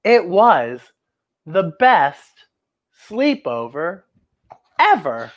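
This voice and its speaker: Animated woman storyteller for kids. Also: fairly low pitch, drawn-out words, muffled recording. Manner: animated, expressive, exclaiming. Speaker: children's storyteller host. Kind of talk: reading a picture book aloud to kids.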